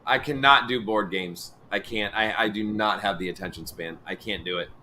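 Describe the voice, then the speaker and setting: A man's voice: lowish voice, a little fast, a crowd in the background. A man co-hosting a live stream, bantering playfully and stumbling a little into his sentences. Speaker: co-host. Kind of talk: casual live-stream chat.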